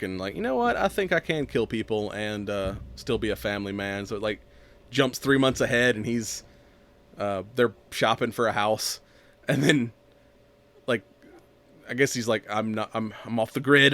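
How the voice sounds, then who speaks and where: A man chats through a movie plot on a podcast. He rambles, laughs often and slips into quoting the characters as he goes. His pitch sits in the middle range. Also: a bit bright. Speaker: podcast co-host. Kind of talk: casual chat recapping a movie.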